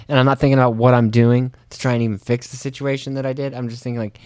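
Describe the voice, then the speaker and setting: A young man rambles through a story on his own podcast, swearing freely and mimicking his own flustered reactions with sudden high-pitched bursts. His voice sits in an ordinary middle pitch. The sound is dry and close, with no room around it. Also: very fast, few pauses, dry recording. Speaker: podcast host. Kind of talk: casual solo storytelling.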